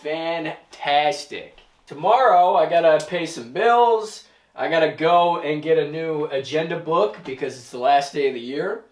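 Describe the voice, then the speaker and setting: A man in his thirties talking casually to camera in a vlog, rambling and self-mocking with sudden loud outbursts. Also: a little high, unhurried. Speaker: vlogger.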